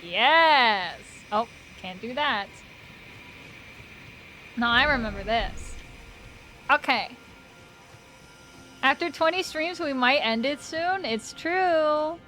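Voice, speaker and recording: A woman's voice: high voice, animated, takes it slowly, long pauses, bright, forceful tone, faint music behind. A woman streaming a game live, chatting casually with her viewers, swearing freely and laughing often. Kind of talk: casual live-stream chat while gaming.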